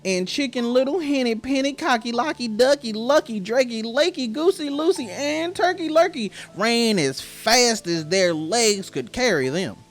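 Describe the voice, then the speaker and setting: A woman's voice: fairly high pitch, lively intonation, moderate pace, few pauses, faint music behind. A woman reading a children's storybook aloud with a sing-song delivery.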